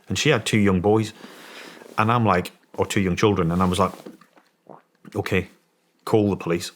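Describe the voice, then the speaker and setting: A man's voice: low voice, fairly even intonation, a little fast, pauses often. A man telling a story in casual conversation as a guest, rambling with many restarts and emphatic points. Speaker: guest, former special forces soldier.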